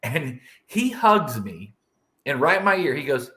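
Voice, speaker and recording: A middle-aged man co-hosting a podcast, telling family stories in a chatty, animated way. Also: on the high side, measured pace. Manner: animated, chatty, calls his partner dude. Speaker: podcast co-host. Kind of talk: casual chat, personal storytelling. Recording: roomy echo.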